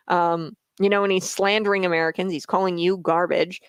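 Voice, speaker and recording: A man's voice: sits high, steady tone, brisk, few pauses, a bit bright, clear, resonant tone, dry recording. A man hosting a casual political commentary vlog, talking in a sarcastic, mocking way with lots of filler words.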